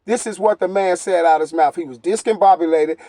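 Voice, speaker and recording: High-voiced man ranting to viewers. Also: fairly quick, warm tone, no echo. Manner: emphatic and repetitive, keeps addressing the audience. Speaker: YouTube commentator.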